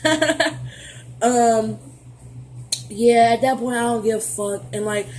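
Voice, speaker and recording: A woman's voice: a little high, slow, a little hiss or hum. Sassy young woman telling a storytime. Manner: animated, profane and sassy storytelling; playful, addresses viewers directly. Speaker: vlogger. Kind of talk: storytime vlog.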